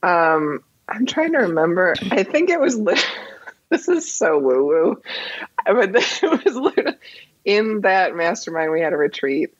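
A woman's voice: lowish voice, very animated, measured pace, slightly rough, no echo, dull audio. A woman guest in casual interview chat, telling her story animatedly with frequent laughter.

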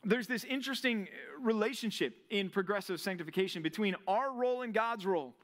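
Animated young pastor preaching, twang. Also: male voice, high-pitched, brisk. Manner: animated, conversational preaching with rhetorical questions. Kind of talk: sermon.

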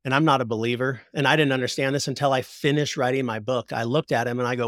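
A man's voice: medium pitch, steady tone, a bit bright, no echo, clean studio sound. Earnest man giving a heartfelt testimony. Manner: heartfelt, preacherly, slows for emphasis. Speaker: podcast guest, prison minister.

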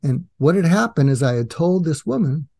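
A man's voice: a little high, moderate pace, vocal fry. An older man, a guest psychiatrist, explaining in an interview and acting out quoted dialogue. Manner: animated, acts out quoted dialogue.

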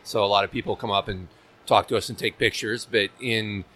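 Guy guest on a talk show, dry jokey self-deprecating, bright tense voice. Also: fairly low pitch, fairly even intonation, a little fast. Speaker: business founder, guest. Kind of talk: casual interview chat. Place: indoor public market.

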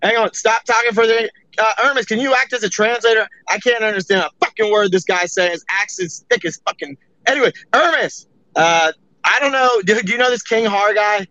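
A man's voice: sits high, normal speed, sharp tone, no echo. A brash male host running a casual chat who swears freely. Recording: dull lo-fi audio.

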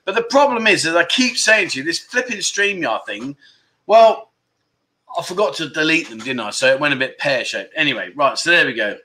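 A middle-aged man runs a casual livestream chat, greeting viewers and reading out their comments. His voice sits fairly high and sounds bright. He mocks himself and exclaims often in a loose, chatty way. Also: animated, fairly quick. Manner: chatty, self-mocking, exclamatory. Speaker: livestream host.

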